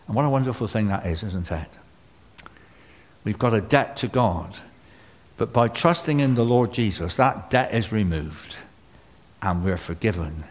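A man preaching a sermon in an earnest way, often pausing with fillers and restarting phrases. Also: medium pitch. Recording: long hall reverb.

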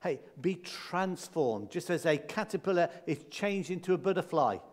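Man, sermon, high-pitched voice, emphatic, long church reverb. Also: lively intonation, normal speed. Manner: emphatic, repeats key words, asks rhetorical questions. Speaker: preacher. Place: church hall.

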